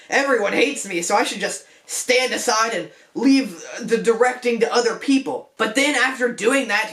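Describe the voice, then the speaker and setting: In an echoey room, a young man runs a comedic film commentary vlog in the guise of a detective, his voice high and fairly bright. Rambling and self-deprecating, he throws in jokey asides and restarts often.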